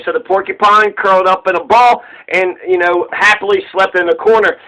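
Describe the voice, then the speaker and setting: A man's voice: sits high, brisk, hardly any pauses, bright, forceful tone, poor audio. A man casually retelling an old fable in a loose, rambling way, swearing freely and laughing at his own jokes.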